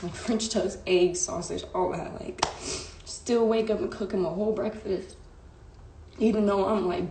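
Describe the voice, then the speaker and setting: On a phone live stream, a young woman with a gravelly, darkish medium-pitched voice tells her viewers a candid, emotional story, saying "like" and "bro" constantly. The room is echoey, with faint background hiss.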